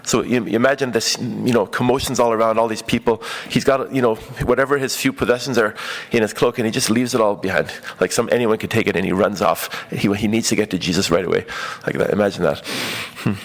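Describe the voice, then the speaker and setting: A man's voice: lowish voice, fairly even intonation, quick pace, hardly any pauses. Casual, conversational man preaching. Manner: casual, many fillers, acts out quoted voices. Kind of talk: conversational sermon.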